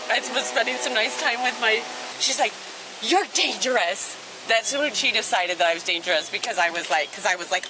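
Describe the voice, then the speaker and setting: A middle-aged woman being questioned by police, rambling, tearful and defensive. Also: fairly high pitch. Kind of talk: emotional conversation with police. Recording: police body camera with clear background noise.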